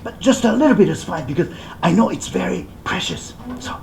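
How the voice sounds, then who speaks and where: A rakugo performer voicing an eager male visitor who is polite and flattering to his host while teasing him. The voice is lively in pitch and gravelly, heard in an echoey hall. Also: brisk, slight background noise. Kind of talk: rakugo storytelling.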